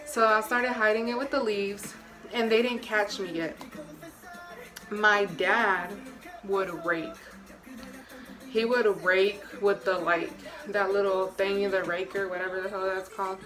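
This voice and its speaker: A woman's voice: medium pitch, steady tone, a little slow. Chatty young woman vlogger, music behind. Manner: chatty, slangy, talks straight to viewers. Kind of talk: casual storytime vlog.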